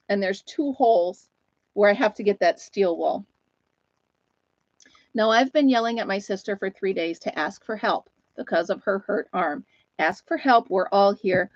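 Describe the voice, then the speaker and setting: She's the host of a casual live chat stream, a chatty woman who rambles through her stories and greets viewers by name along the way. The medium-pitched voice is dry and close-miked with no room around it, and the sound is somewhat dull and lo-fi.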